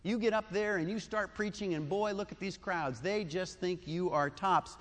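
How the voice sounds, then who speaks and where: A man's voice: high-pitched, normal speed, a bit bright. A man preaching a sermon who voices a tired, exasperated fisherman, wryly listing his grievances in an echoey hall. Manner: wry, listing grievances point by point.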